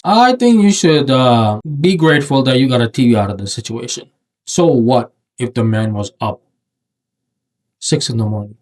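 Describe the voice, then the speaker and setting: A man hosting a reaction video, talking in a slangy, teasing and mocking way. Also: mid-range voice. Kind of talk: casual reaction commentary.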